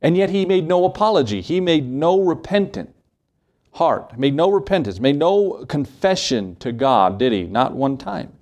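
A man's voice: a little high, very animated, normal speed, darkish tone. Emphatic preacher man. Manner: emphatic, preaching with rhetorical questions and acted quotes. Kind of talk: sermon.

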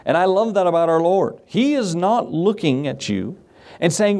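A man's voice: sits high, lively intonation, normal speed, gravelly, mellow. A man pastor delivering a sermon, emphatic, posing questions and answering them himself. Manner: emphatic, asks and answers his own questions.

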